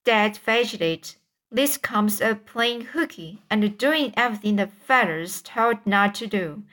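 A woman's voice: medium pitch, lively intonation, takes it slowly, fairly bright tone. A woman voicing Tom, a frightened young boy who whispers urgently in a storybook reading.

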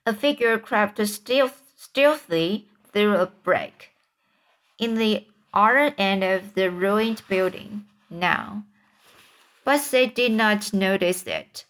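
A woman reads a children's storybook aloud as an audiobook narrator, in a mid-range, fairly bright voice at a slow pace. She stumbles frequently, restarting words again and again.

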